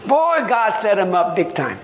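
A man's voice: high voice, huge pitch swings, normal speed, roomy sound, slight background noise. A man preaching a sermon, reading scripture and then retelling it with humor and acted-out voices. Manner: reads scripture then paraphrases in everyday talk.

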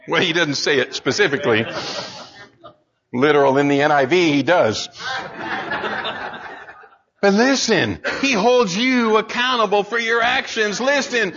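A man preaching a sermon in an animated, conversational way, repeating lines for emphasis. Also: high-pitched, moderate pace, lo-fi sound. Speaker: pastor.

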